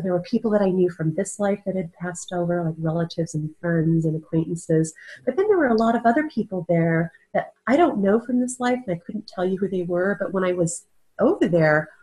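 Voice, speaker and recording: A woman speaking as an interview guest, in an earnest, searching way. She often stops and restarts her sentences as she works out what to say. Her voice sits at an ordinary middle pitch. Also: warm tone, rough recording. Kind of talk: casual interview talk. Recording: audio-only interview.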